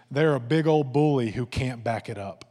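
A man preaching a sermon in a conversational, animated way, acting out voices and asides. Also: mid-range voice. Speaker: pastor. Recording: long hall reverb.

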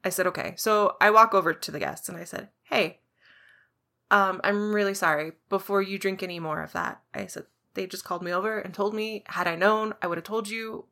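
A woman co-hosting a podcast, telling a story in casual chat and acting out the quoted dialogue in an animated way. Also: mid-range voice, brisk. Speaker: podcast co-host.

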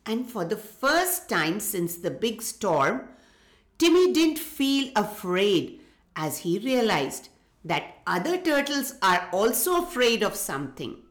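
Slow, lively woman reading a children's story. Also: mid-range voice. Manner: gentle, addresses children directly. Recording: echoey room.

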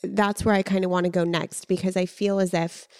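A woman's voice: lowish voice, level tone, brisk, a little mellow, smooth, dry recording, studio quality. A woman hosting a casual interview, thinking aloud in an earnest, reflective way about her business. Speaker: podcast host and business owner.

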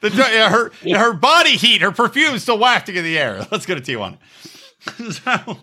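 A man's voice: sits high, big pitch swings, moderate pace, pushed and bright. A man co-hosting a podcast in casual chat, telling crude stories and acting out the people he quotes. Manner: storytelling, crude jokes, acts out quoted voices. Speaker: podcast co-host.

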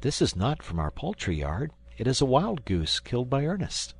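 A man reading aloud who voices a calm, practical, devout mother in a gentle way. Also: mid-range voice, normal speed, creaky, husky, voice pushed up, heavily acted. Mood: firm.

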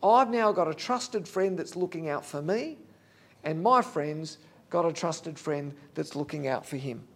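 A man's voice: fairly high pitch, a little slow, fairly bright tone. A man preaching a sermon, earnest and candid, talking plainly to the congregation with fillers.

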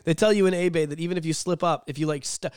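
A man's voice: fairly high pitch, racing, clean tone, no room sound, clean studio sound. A young man co-hosting a podcast, telling profane stories in casual chat and acting out the voices of people in them. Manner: animated storytelling, profane, acts out voices. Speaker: podcast co-host.

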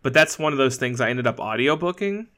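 A chatty man co-hosting a podcast, his voice bright and forward. He talks loosely, full of fillers and restarts, and laughs easily as he goes. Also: medium pitch, lively intonation, a little fast. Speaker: podcast co-host. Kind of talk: casual chat.

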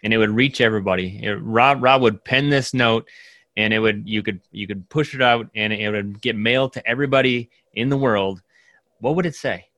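A man hosts a podcast interview and puts his questions in a measured, deliberate way. His voice sits fairly low. The recording is close and dry, with no room sound. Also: a bit bright, dry recording. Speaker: podcast host.

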